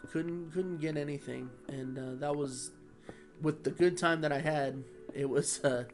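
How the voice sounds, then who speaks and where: A man chatting casually over his gameplay, rambling and easygoing with many pauses. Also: fairly high pitch, steady tone, over music. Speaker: gaming vlogger.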